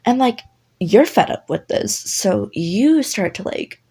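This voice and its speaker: A woman's voice: medium pitch, lively intonation, takes it slowly, dark tone, slightly rough, rough recording. A woman casually narrating a listener role-play story in a rambling, apologetic way, with lots of fillers and swearing.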